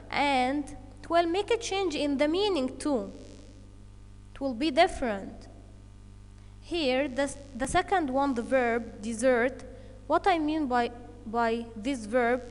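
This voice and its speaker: Slow, deliberate woman teaching English. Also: high-pitched, long reverb tail. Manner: slow, deliberate explaining with many "okay" checks. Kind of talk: online English lesson for children.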